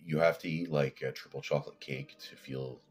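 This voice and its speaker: A man's voice: a bass voice, steady tone, normal speed, breathy edge. A man from Canada rambling casually as a fitness vlogger, laid-back and swearing now and then.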